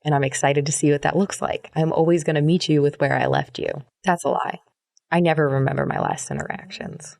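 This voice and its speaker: A woman's voice: low-pitched, fairly even intonation, a little fast, gravelly, darkish tone. A young woman hosting her own podcast, talking alone in a rambling, reflective way, often repeating words and trailing off with fillers. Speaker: podcast host. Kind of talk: reflective solo monologue.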